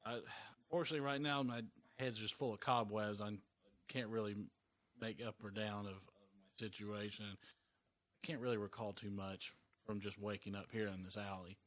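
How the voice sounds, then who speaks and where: A man playing a tabletop game, thinking aloud in a measured, hesitant way. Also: fairly low pitch, fairly even intonation, fairly bright tone. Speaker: player.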